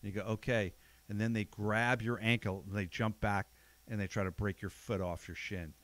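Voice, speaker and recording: A man's voice: fairly low pitch, fairly even intonation, a little fast, a bit bright. A man hosting a casual podcast chat, a blunt storyteller who swears freely. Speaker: podcast host, jiu-jitsu black belt.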